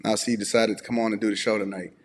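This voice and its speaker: A man hosting a casual live stream from home, relaxed and a bit groggy with a slightly raspy voice, chatting and reading viewer messages aloud. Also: lowish voice, very fast, big-room sound. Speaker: host.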